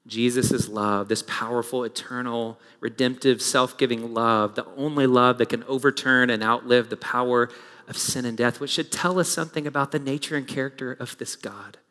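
A middle-aged man preaching a sermon as pastor, moving between hushed reflective passages and rising, urgent exhortation. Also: medium pitch, steady tone, normal speed. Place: church sanctuary. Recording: long reverb of a large hall.

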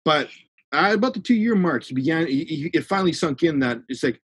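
Husky man telling stories animatedly. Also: fairly high pitch, brisk, dry recording. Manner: animated storytelling, acts out dialogue with voices. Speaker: martial arts teacher. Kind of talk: casual chat.

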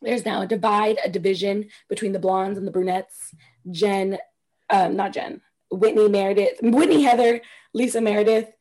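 A woman co-hosting a casual chat, recapping reality TV, animated and swearing, acting out quotes. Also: mid-range voice, normal speed. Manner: animated, swearing, acts out quotes with loud squeals. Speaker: podcast co-host recapping reality TV.

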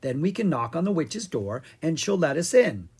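A reader voicing a clever, brisk young female dragon in a children's storybook. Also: medium pitch, very animated, darkish tone, husky, voice pushed up. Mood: bossy.

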